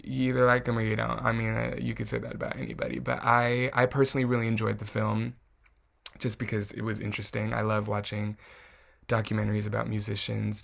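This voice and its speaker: A man's voice: medium pitch, creaky. A man chatting casually to his viewers, loose and slangy, full of "like" and "um". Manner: chatty, many fillers like "like" and "um"; slangy and candid. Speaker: vlogger. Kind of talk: casual chat to camera.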